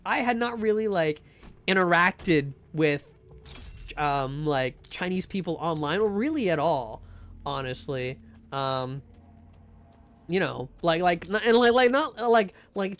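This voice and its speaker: Young male streamer, high-pitched, rambling casual chat with restarts, at a desk mic. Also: fairly bright tone. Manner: rambling, many fillers and restarts. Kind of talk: casual livestream chat while gaming.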